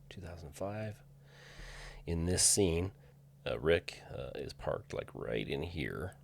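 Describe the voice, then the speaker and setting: A man with a very low, gravelly voice talks through a screen-share in a loose, hesitant way, often restarting his sentences. A faint hum sits under the recording. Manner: hesitant, many fillers and restarts. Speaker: filming location researcher. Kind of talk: casual screen-share walkthrough.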